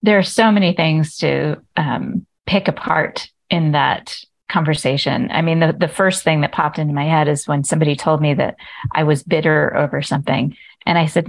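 A woman with a lower-pitched voice hosts a podcast conversation. She talks thoughtfully and shares her own anecdotes. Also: fairly even intonation, moderate pace, gravelly. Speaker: podcast host. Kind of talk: conversational interview.

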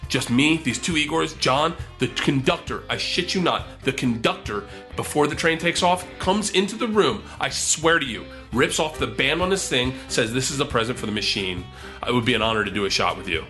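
Bright-voiced man telling a profane comic story. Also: mid-range voice, a little fast, faint music behind. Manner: profane, excitable, acts out the quotes in raised voices. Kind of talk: animated comic anecdote.

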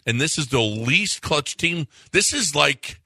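A man's voice: animated, unhurried, creaky, bright, forceful tone, breathy edge, dry recording. A man co-hosting a sports talk radio show, ranting in exasperation with his voice jumping up when he gets worked up. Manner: exasperated, rants with rising pitch.

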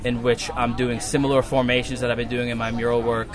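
A man with a Long Island accent, a muralist talking casually in an interview, relaxed and rambling with many fillers and restarts. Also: medium pitch, quick pace, a crowd in the background. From Long Island, New York. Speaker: muralist guest. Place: outdoors at a wall being painted.

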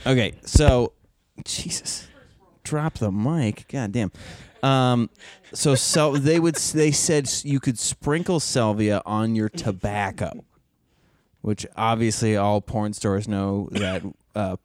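A man's voice: fairly low pitch, slow, darkish tone. A man hosting a casual chat, laid-back and swearing freely.

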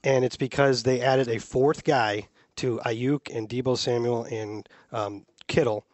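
A man hosting a casual sports panel chat, opinionated and measured, laughing easily. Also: medium pitch, steady tone, dry recording. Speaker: sports podcast host.

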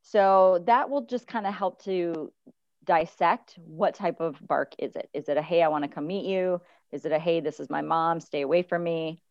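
Lively woman dog trainer. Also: normal speed, no echo, dull audio. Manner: animated, acts out dogs' thoughts in high voices. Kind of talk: advice podcast chat.

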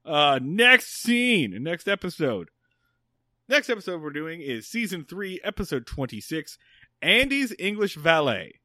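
A man co-hosts a podcast, chatting casually and enthusiastically about an old sitcom with lots of fillers. His fairly high voice is very animated, bright, and forceful, yet unhurried, and the recording is dry and studio-clean.

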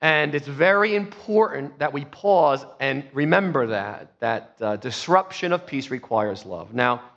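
A man preaching a sermon as pastor, telling the story emphatically and swinging between soft and loud. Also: mid-range voice, long reverb tail. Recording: dull lo-fi sound.

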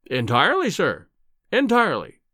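A man's voice: a little high, sing-song, normal speed, no echo, clean studio sound. A man reading an audiobook, voicing an eager young journalist who speaks humbly and with feigned earnestness. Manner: deferential, falsely earnest.

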